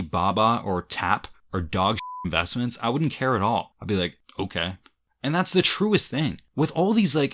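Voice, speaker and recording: A man's voice: mid-range voice, a bit bright. A young man from Canada, an investing YouTuber, reacting to angry comments in a heated, swearing rant with frequent laughs.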